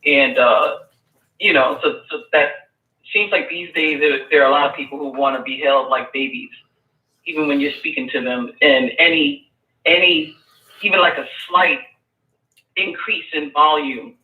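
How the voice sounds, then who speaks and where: A man's voice: a little high, normal speed, phone-quality sound. A man calling in to a talk show, stating firm opinions while stumbling over restarts and fillers. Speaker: caller. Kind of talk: phone-in conversation. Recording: echoey distant phone-in line.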